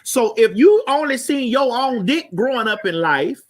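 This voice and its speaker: A woman hosting a morning show, delivering a loud, profane comedic rant to her viewers and bursting into shouts. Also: a little high, animated, normal speed.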